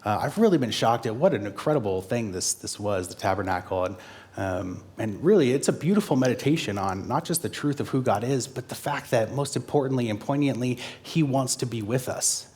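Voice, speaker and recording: A man's voice: medium pitch, animated, brisk, a little mellow. A man preaching a sermon as a guest pastor, in a conversational way with frequent fillers and self-corrections.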